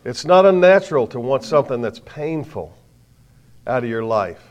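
Middle-aged preacher, swinging soft to loud. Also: male voice, mid-range voice, normal speed, highs cut off. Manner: lively storytelling, swings from soft asides to loud bursts, self-mocking humor. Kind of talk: sermon. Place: before a live audience.

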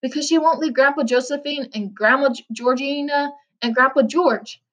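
A woman voicing an excited, earnest young boy in a storybook reading, talking eagerly and almost breathlessly. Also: sits high, moderate pace, pitched above the performer's own voice. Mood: sad.

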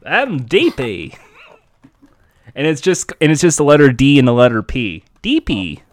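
A man putting on a slow, deep radio announcer voice as a joke. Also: big pitch swings, no room sound. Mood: mock-serious. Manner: slow, low, mock-announcer delivery.

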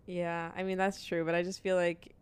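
A woman's voice: fairly low pitch, level tone, moderate pace, clear, resonant tone. A young woman co-hosting a podcast in casual chat about dating, blunt and sarcastic and swearing freely. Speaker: podcast co-host.

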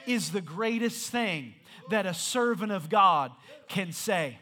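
A male pastor preaching a sermon in rhythmic, repeated phrases that build to shouted peaks. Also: high-pitched, lively intonation, slow pace.

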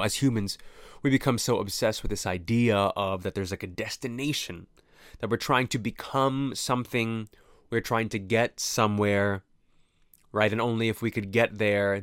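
A low-voiced man talks straight into his camera, rambling and swearing freely as he circles his thoughts. He restarts and corrects himself often, in a loose, reflective tone. The sound is close and dry, with no room echo. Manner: rambling, profane, self-interrupting. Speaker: vlogger. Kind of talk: casual reflective monologue. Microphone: camera mic, close.

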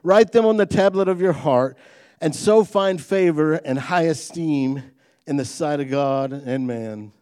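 A man's voice: a little high, measured pace, a little mellow, clear, resonant tone. Guy preaching, folksy and chatty, cracks jokes then leans in hard on the big points. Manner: folksy, conversational preaching with humor and rising emphasis. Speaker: pastor. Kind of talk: sermon.

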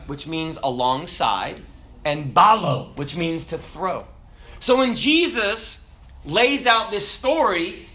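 A man in his thirties with a Southern American accent, preaching a sermon in a folksy, joking way with many questions to the congregation. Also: sits high. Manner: folksy and animated, jokes and rhetorical questions.

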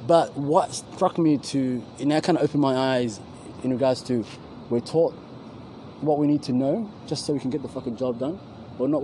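Fast-talking man, dark mellow tone, profane rambling host, faint street noise behind. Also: medium pitch, low-quality recording. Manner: rambling, profane, loses his words, slangy. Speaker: podcast co-host. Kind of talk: casual profane street chat. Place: outdoors at a university campus.

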